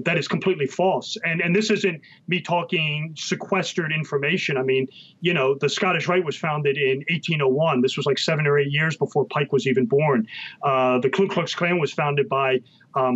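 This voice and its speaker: A man answering interview questions as a guest author, halting and full of ums and restarts. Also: fairly high pitch, a bit bright. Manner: hesitant, many ums and restarts. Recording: muffled lo-fi sound.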